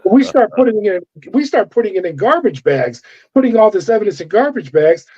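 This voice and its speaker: A man's voice: high voice, big pitch swings, brisk, a little mellow. A middle-aged man from California, a former corrections officer, telling his story in an interview and acting out the voices of the people in it. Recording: dull lo-fi audio.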